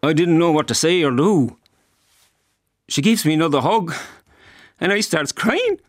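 A man's voice: fairly high pitch, expressive, measured pace, pitched above the performer's own voice. A man reading a stage part as an elderly rural Irish man with an Irish accent, in a folksy storytelling manner. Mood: wistful. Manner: folksy storytelling, colloquial grammar. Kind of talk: dramatic reading.

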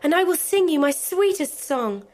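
A woman's voice: a little high, a little slow, darkish tone. A woman voicing a small female nightingale, tender and longing, with a lilting, yearning delivery, over faint music in a storybook reading. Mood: pleading.

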